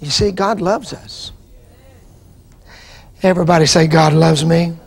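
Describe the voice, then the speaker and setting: A man preaching an impassioned sermon that rises into shouts and calls for the congregation to answer. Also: a little high, measured pace, slightly rough. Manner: impassioned, rising into shouts and call-and-response. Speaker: pastor. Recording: archival 2000 TV broadcast.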